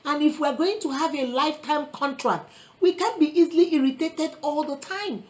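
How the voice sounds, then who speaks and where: A woman's voice: sits high, moderate pace, a little mellow, rough recording. A woman vlogger giving earnest relationship advice in a preachy motivational talk, quoting scripture and calling listeners sister and brother. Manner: quotes scripture.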